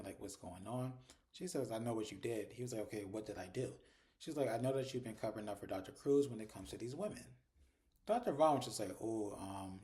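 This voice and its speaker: A man casually recapping a TV episode, retelling the scenes and briefly mimicking the characters' lines in a higher voice. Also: dark tone. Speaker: TV show reviewer.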